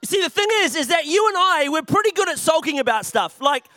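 Preacher guy, really high bright voice, jokey and chatty, dry close sound. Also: animated, fast talker, dry recording. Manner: chatty, jokey, often restarts phrases. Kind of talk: playful youth sermon with a volunteer.

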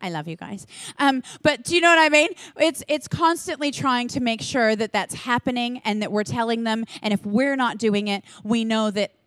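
A woman giving a conference talk to church leaders in an energetic, earnest, chatty manner with quick asides. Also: a little high, no room sound. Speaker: church children's ministry leader speaking to leaders.

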